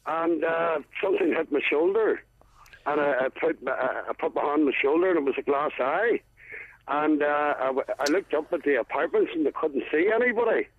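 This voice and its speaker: A man with a Northern Irish accent calling in to a radio show, telling a long joke in a halting, deadpan way. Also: on the high side, husky, dry recording. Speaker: phone-in caller. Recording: tinny phone line.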